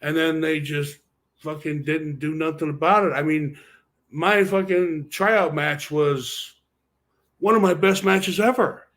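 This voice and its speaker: A man's voice: on the high side, fairly even intonation, measured pace, a bit bright. A man being interviewed about his wrestling career, telling stories in a loose, rambling way and swearing constantly. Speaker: interview guest, former wrestler. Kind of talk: casual storytelling interview.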